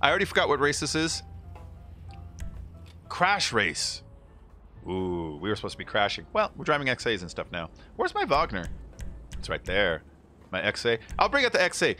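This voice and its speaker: A man's voice: medium pitch, wildly swooping pitch, normal speed, long pauses, sharp tone, faint music behind. A man streaming a racing game, chatting casually, rambling and laughing as he reads chat aloud.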